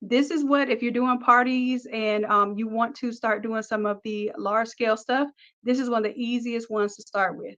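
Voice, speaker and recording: A woman teaching a design software tutorial, upbeat, talking through each click step by step. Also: on the high side, steady tone, moderate pace, muffled recording. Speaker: design instructor. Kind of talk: screen-recorded software tutorial.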